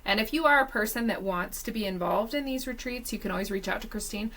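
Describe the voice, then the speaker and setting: A woman's voice: mid-range voice, quick pace, a bit bright, rough recording. A woman hosting a podcast, chatting casually and speaking to listeners directly in an encouraging way. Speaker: podcast host. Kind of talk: casual interview chat.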